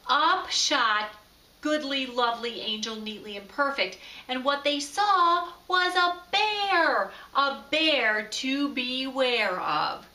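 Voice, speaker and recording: A woman reading a children's story aloud in a slow, expressive way, recorded from a distance in an echoey room. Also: high-pitched. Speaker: storybook reader. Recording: echoey room, far from mic.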